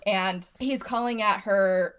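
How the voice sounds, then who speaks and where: A woman chatting casually on a podcast, retelling a film scene by scene. Her talk rambles, loaded with fillers and trailing asides, at a mid-range pitch for a woman. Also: slow, a bit bright, clean tone. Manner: rambling, filler-heavy recapping with frequent "like" and "and stuff". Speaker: podcast co-host. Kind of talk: casual movie recap chat.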